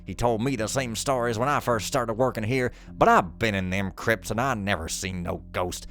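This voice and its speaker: A man's voice: lowish voice, normal speed, fairly bright tone, soft background music. A man voicing a folksy, ungrammatical male sewer worker reading out a reassuring note during a game playthrough.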